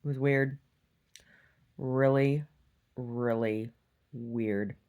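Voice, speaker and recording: A young adult woman telling a story in a casual, animated vlog rant, laughing and swinging between loud outbursts and hushed asides. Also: a bass voice, very slow. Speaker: vlogger.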